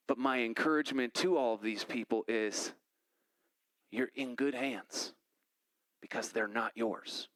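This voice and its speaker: A man's voice: mid-range voice, a little slow, pauses often, no echo, poor audio. A male pastor giving a conversational sermon in church, telling stories and acting out quoted conversations. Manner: conversational, animated storytelling with quoted voices.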